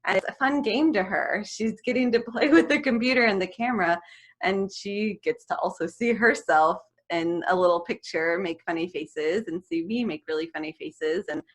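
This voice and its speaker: A woman's voice: mid-range voice, normal speed. A young adult woman, a music therapist, chatting animatedly on a video call and laughing often as she talks. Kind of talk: casual interview chat.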